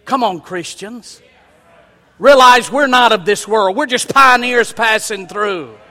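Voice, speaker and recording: A man preaching a sermon as pastor, building from quiet explanation to loud, emphatic calls. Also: high voice, slow pace. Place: church sanctuary. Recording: long hall reverb.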